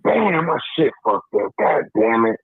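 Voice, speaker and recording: A man's voice: mid-range voice, sing-song, measured pace, slightly rough, no room sound. A man co-hosting a live talk stream, arguing his side in a rambling way and checking in with "you know what I'm saying.". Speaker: podcast co-host. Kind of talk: heated casual debate. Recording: tinny phone line.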